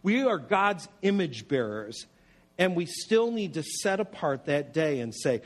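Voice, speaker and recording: A man preaching a sermon as pastor, animated and humorous, telling stories and asking rhetorical questions. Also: on the high side, a little slow.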